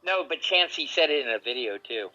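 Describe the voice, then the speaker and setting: A man's voice: fairly high pitch, expressive, a little fast, pushed and bright, dry recording. A man on voice chat during a game stream, half asleep, laughing and stumbling over his words. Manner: sleepy, laughing, stumbling restarts. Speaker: friend on voice chat. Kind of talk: casual voice chat. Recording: dull voice-chat audio.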